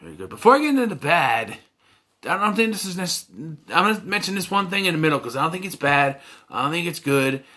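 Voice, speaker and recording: Casting: man, bright forward tone, loose rambling reviewer with lots of ums. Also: fairly high pitch, big pitch swings, fast talker. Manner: rambling, many fillers and restarts. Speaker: movie reviewer.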